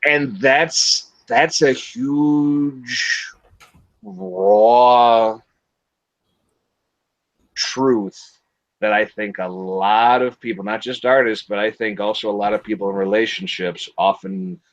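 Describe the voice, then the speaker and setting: A man's voice: on the low side, moderate pace, few pauses, no echo. A man hosting a casual film review livestream, talking bluntly with lots of swearing and acting out quotes. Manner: blunt, profane, animated, acts out quotes. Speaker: podcast host reviewing a film. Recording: dry, dull lo-fi livestream audio.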